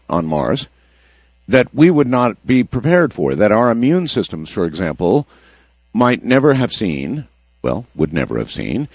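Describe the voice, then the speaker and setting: Low-voiced male call-in host, animated delivery, wry and wordy, dry studio sound. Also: dry recording. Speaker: late-night radio call-in host. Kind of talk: radio call-in show. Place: radio studio.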